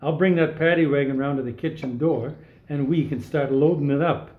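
A man's voice: a little high, fairly quick, close to an everyday voice. A man reading the part of a bossy male gangster who orders people around, in an amateur script reading. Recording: echoey room, slightly dull.

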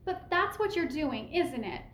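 A woman's voice: high-pitched, animated, unhurried, a bit bright, echoey room. A woman reading the part of the boss's daughter, pleading and guilt-tripping, in an amateur script reading.

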